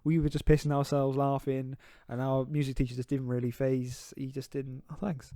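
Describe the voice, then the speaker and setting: A man's voice: medium pitch, flat delivery, moderate pace, warm tone, no room sound. A young man co-hosting a podcast, telling stories in casual chat with laughs and swearing. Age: young adult. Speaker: podcast co-host.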